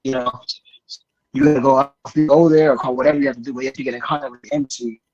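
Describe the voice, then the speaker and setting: A man's voice: mid-range voice, fairly even intonation, rapid-fire, lo-fi sound, a crowd in the background. A man on a casual podcast chat, handing out travel advice chattily and restarting his sentences often.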